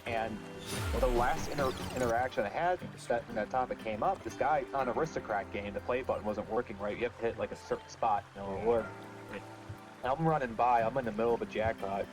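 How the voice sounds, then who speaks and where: A man's voice: mid-range voice, a little fast, music in the background. A man chatting casually during a game stream, telling candid work stories and acting out the people in them. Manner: candid storyteller, acts out quoted people. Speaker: co-host. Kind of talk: casual chat while gaming.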